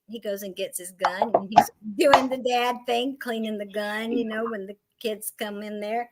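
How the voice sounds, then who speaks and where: A woman's voice: on the high side, fairly even intonation, normal speed, hardly any pauses, heavy background noise. A woman co-hosting a casual chat, telling a joke in a giggly, rambling way and losing her place. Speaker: podcast co-host.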